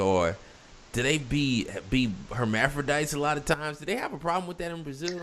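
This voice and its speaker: A man's voice: medium pitch, moderate pace, fairly bright tone. A man hosting a casual podcast chat, blunt and crude, firing off questions. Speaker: podcast host.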